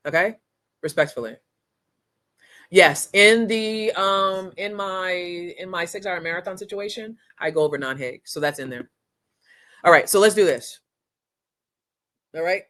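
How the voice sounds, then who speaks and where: A woman hosting a casual live-streamed training, talking straight to viewers in a chatty, energetic, slangy way through a computer mic. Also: fairly low pitch, a little slow, pauses often. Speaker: course instructor and livestream host.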